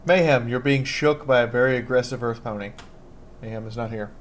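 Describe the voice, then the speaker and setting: A man's voice: medium pitch, fairly quick, slight background noise. A man running a tabletop game as game master, with casual, wry asides.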